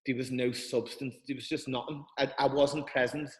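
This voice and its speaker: A man speaking earnestly and haltingly as a guest, often restarting his sentences. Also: medium pitch, little pitch movement, big-room sound, rough recording. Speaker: guest, dance school director. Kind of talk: reflective interview talk.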